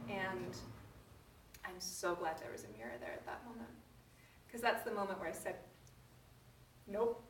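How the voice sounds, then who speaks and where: A woman's voice: medium pitch, background noise. A middle-aged woman hosting a parenting workshop, telling personal stories earnestly to a live group. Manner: earnest, personal storytelling with laughs. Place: room with an audience. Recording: echoey room, voice from a distance.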